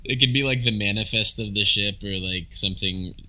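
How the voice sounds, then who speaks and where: A man talks over a film with his co-host in relaxed, casual chat. His voice is on the low side but sounds very bright and forward. He reacts in an easygoing, thoughtful way. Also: fairly quick. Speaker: podcast co-host. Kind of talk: casual movie discussion chat.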